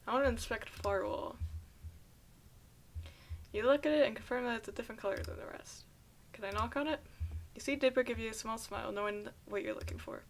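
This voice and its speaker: A woman's voice: on the high side, a little fast, pauses often, a little hiss or hum. A young woman playing a game, reading its narration aloud and tripping over words as she goes. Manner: stumbles and restarts words while reading. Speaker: game streamer.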